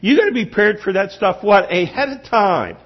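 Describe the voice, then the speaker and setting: A man's voice: high voice, animated, moderate pace, husky. A middle-aged man preaching a sermon to a room, telling stories with animation and quizzing the audience. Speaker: pastor. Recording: dull lo-fi recording.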